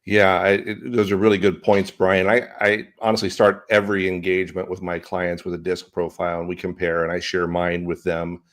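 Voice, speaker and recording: A middle-aged man with a very low, deep voice speaks in an animated, expressive way, his inflection moving all over. He is a CEO coach answering questions in a business podcast interview. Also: fairly quick, hardly any pauses.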